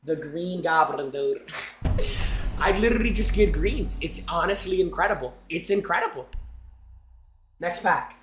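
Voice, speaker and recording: Young male streamer, casual and excitable, talks to chat a lot; roomy, slightly noisy recording. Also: a little high, normal speed. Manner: excitable, loud, chanting and talking to chat. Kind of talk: casual live-stream chat while opening game packs.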